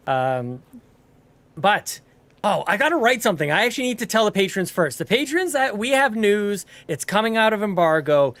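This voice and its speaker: A man's voice: fairly high pitch, fairly bright tone. A man hosting a gaming podcast, joking around in casual, playful banter with a co-host.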